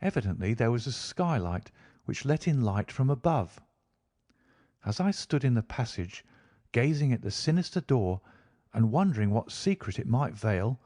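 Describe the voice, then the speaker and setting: An audiobook narrator with a mid-range voice reads a classic mystery aloud, his scripted narration measured and even. The recording is clean studio sound with no room noise.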